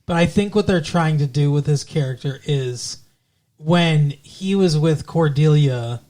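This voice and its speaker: A podcast co-host in casual chat about a TV show, joking, swearing and retelling scenes in quick quoted lines. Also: mid-range voice, dark tone.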